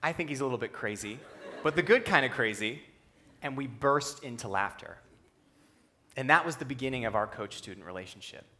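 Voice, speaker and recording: A young man giving a talk on a stage, telling a personal story with humor and an animated delivery. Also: a little fast. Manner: animated, humorous, acts out quotes in a lowered voice. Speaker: speaker at a youth conference talk. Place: stage before a live audience.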